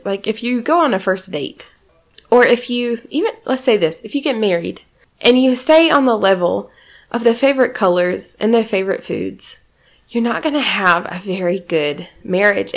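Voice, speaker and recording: A woman preaching a sermon in a lively way, with frequent laughs, acting out the quoted lines. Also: mid-range voice.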